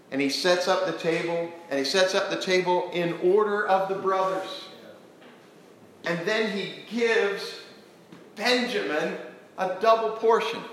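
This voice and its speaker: A man preaching a sermon to a church congregation, posing questions to them in an earnest, animated way. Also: sits high, a little hiss or hum. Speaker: pastor. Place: church sanctuary. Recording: very echoey church hall.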